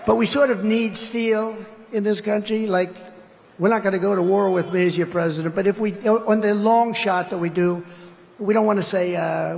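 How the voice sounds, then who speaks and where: A man's voice: high-pitched, fairly even intonation, moderate pace, creaky, darkish tone, big-room sound. A man giving a campaign rally speech, rambling and repetitive with boastful asides. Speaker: political candidate addressing a rally.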